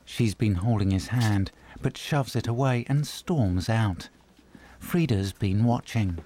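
A man giving audio description in scripted narration, with a neutral, even delivery. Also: fairly low pitch, slow, a little hiss or hum.

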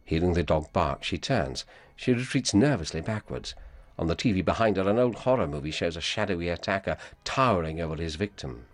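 A man reading calm, measured audio description over a film. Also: low voice. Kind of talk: scripted narration.

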